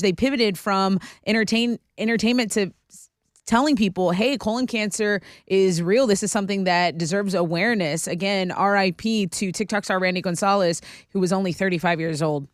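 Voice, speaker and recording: A woman's voice: mid-range voice, no room sound, clean studio sound. A woman, co-hosting a radio show and reading the news headlines in a chatty way. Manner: chatty, quick, reads news items. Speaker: news co-host. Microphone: studio microphone.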